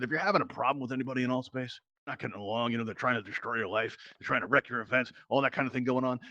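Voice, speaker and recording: A man's voice: medium pitch, a bit bright, dry recording, dull audio. A man hosting a live game show in virtual reality, an upbeat showman hyping up the crowd through a headset mic. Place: virtual reality social app.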